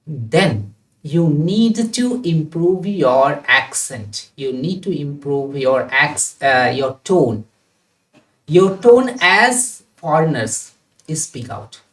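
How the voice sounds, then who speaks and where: A man, a tutor giving feedback in a class, speaking haltingly with many filler pauses. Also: a little high. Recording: roomy, distant from the mic.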